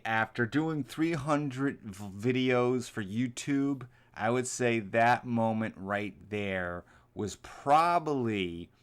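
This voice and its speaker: Man, live reaction chat, rambling, earnest, mid-pitched voice. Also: a bit bright, smooth. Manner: rambling, earnest, thinks aloud. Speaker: vlogger reacting to his old videos.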